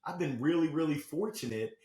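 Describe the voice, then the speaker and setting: Upbeat male motivational speaker guest, slightly high-pitched, bursts of volume, echoey room. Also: fairly quick. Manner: animated storyteller with sudden loud bursts. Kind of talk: energetic interview talk. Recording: roomy echo.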